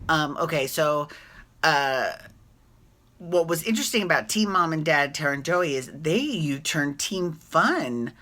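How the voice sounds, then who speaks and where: A woman vlogger doing a casual, rambling TV recap, correcting herself often and adding animated asides. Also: sits low, unhurried.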